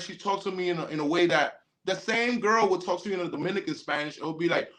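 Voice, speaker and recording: High-voiced bright man, rambling chat. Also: fast talker. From Colombian background. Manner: loose, rambling, restarts often. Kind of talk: casual podcast chat.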